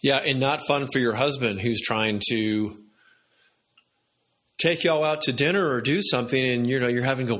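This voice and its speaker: A man's voice: mid-range voice, moderate pace, a bit bright. Male host, rambling and hesitant, asks loose questions. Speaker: podcast host. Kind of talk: business podcast interview.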